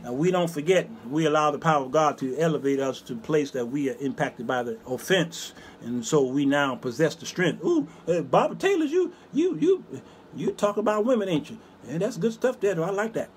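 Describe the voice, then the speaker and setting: High-pitched guy preaching on his own live show, folksy and fired up, keeps repeating himself. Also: brisk, hardly any pauses, slight background noise. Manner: swings from loud preaching to low muttering asides; folksy, emphatic, repeats phrases. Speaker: host and preacher. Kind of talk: fiery livestream preaching, reading viewer comments.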